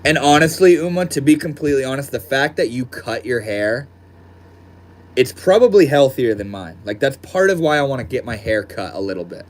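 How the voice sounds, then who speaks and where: A man's voice: mid-range voice, expressive, a little fast. Laid-back slangy guy streaming. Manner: laid-back and slangy, calls people bro and dude. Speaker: live streamer. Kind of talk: casual live-stream chat, reading out viewer comments.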